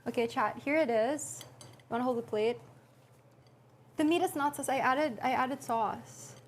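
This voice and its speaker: A woman's voice: high-pitched, a little slow, a little hiss or hum. A woman streamer chatting casually and teasing her friend while cooking in a home kitchen.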